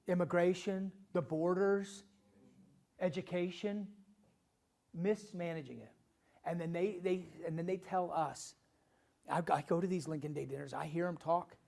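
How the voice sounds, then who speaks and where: Gravelly man giving a heated town hall speech. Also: high-pitched, darkish tone. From Illinois, USA. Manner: emphatic, repeating phrases, frequent restarts. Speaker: political speaker at a town hall.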